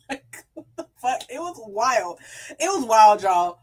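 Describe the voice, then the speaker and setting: A woman's voice: a little high, unhurried. A woman book vlogger ranting in a casual storytime, reading out comments and answering them with sarcasm, heavy swearing and frequent laughter. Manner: heated, sarcastic, swears a lot, laughs often; reads out comments in a flat voice.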